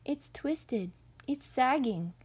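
A sly little storybook rabbit, as a woman puts him on, clever and quick in his thinking. He talks slowly, in a soft, breathy voice, coaxing and full of false sympathy. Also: sits high, animated, voice pushed up, exaggerated voice.

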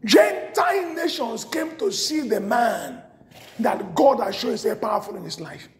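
A man preaching a sermon with great passion, swinging from shouts to low murmurs. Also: lively intonation, unhurried, reverberant.

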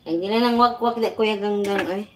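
A woman's voice: medium pitch, steady tone, brisk, noisy background. A woman hosting a casual live stream while she cooks. She chats playfully, greets and thanks viewers by name, and chuckles often. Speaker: livestream host.

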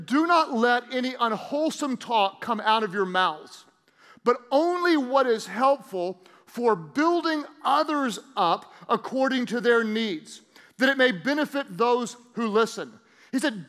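A middle-aged man, a pastor preaching a sermon, emphatic and swinging between booming lines and hushed ones. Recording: long church reverb.

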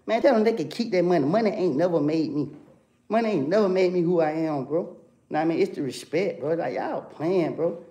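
A man's voice: fairly high pitch, fairly quick, dark tone. A young man, ranting confrontationally on a livestream and repeating "bro" and "come on, man" constantly. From Atlanta, USA. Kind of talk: heated livestream rant.

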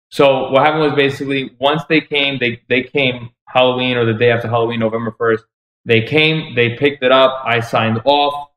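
Exasperated New York man, echoey room. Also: medium pitch. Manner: animated, exasperated retelling with quoted dialogue. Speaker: vlogger. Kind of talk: casual storytelling vlog.

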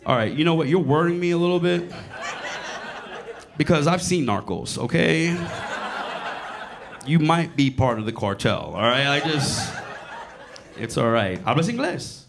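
Man, late forties, stand-up comedian, crude storytelling, teases the crowd, gravelly, very lively pitch. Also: unhurried, pauses often, background noise. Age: 40s. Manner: crude, animated storytelling with audience banter. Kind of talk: stand-up set in a club. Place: comedy club with live audience.

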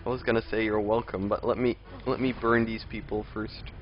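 A man's voice: on the low side, little pitch movement, a little fast. A young man streaming a game live, chatting with viewers and grumbling at enemies. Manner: chatty, reads out and answers chat, exasperated outbursts at enemies. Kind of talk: live gameplay commentary. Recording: dull lo-fi stream audio with faint game music.

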